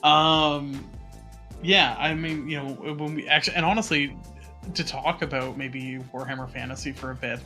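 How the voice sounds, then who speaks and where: Bright-voiced man musing in chat. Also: a little high, steady tone, normal speed, faint music behind. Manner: thoughtful, rambling, many fillers. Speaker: podcast co-host. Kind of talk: casual hobby chat.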